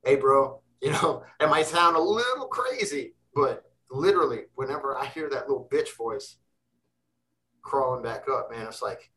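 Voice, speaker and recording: Intense, profane man, bright and distant. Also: medium pitch, lively intonation, normal speed. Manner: intense, emphatic, swears freely. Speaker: interview guest. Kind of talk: casual interview talk.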